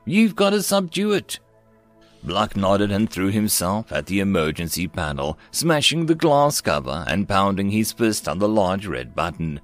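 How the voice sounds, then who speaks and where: Male narrator of sci-fi stories, low and animated, soft music bed. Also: normal speed, few pauses. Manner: expressive, varied storytelling. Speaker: story narrator. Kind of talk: scripted narration of science fiction stories.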